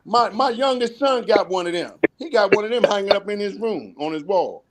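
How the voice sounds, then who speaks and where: A man's voice: sits high, animated, a little fast. A middle-aged man, a former college basketball player, trading boastful jokes as a guest in a casual sports chat, repeating words and laughing often.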